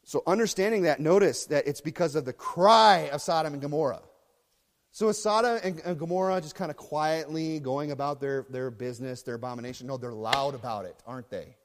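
A man preaching a sermon as pastor, swinging between low muttering and loud shouting. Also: a little fast, long reverb tail.

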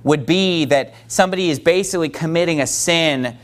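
Pastor, male, high voice, emphatic sermon delivery that keeps questioning the room. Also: a little fast.

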